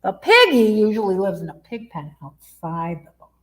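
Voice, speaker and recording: A woman's voice: medium pitch, very animated, normal speed. A woman youth librarian from Michigan leading a children's story time in a sing-song way. She asks her young listeners questions and imitates animal sounds.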